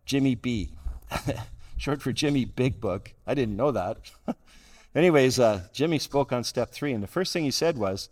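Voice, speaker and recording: A man's voice: medium pitch, expressive, unhurried, a little mellow. Wry middle-aged man telling stories. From Calgary, Canada. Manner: self-deprecating, wry, chuckles at his own jokes. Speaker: guest speaker at a recovery roundup. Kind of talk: humorous personal storytelling talk.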